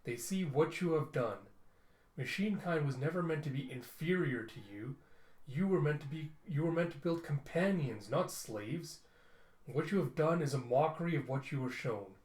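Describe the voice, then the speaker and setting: A man voicing a calm, judging male robot, read slowly and solemnly from a comic. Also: a little high, natural voice. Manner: slow, measured, solemn. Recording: roomy echo.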